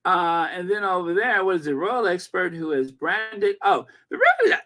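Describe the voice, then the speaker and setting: A man hosting a live-stream commentary, reading viewer comments aloud in an animated, gossipy way. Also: sits high, measured pace. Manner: animated and gossipy, breaking into laughter. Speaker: channel host.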